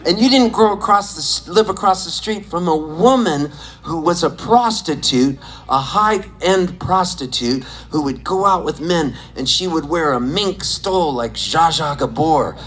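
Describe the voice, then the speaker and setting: A man in his sixties with a fairly high voice tells stories in a casual way. He is animated and quick to laugh, and he swears freely. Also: rough recording. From Southern California. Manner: animated, laughing, profane anecdotes. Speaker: storyteller. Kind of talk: casual storytelling.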